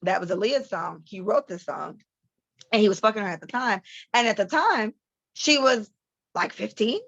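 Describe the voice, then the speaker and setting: Gravelly, blunt-talking woman podcaster. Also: medium pitch, moderate pace, no room sound. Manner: blunt, profane, animated storytelling. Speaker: podcast co-host. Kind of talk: casual commentary. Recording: slightly muffled dry podcast mic.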